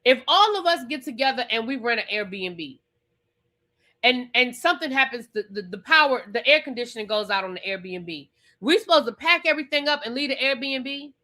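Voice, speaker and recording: Brief: woman TV reviewer, casual recap, emphatic and repetitive, swears, fairly high, bright voice. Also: animated, moderate pace. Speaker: TV review vlogger.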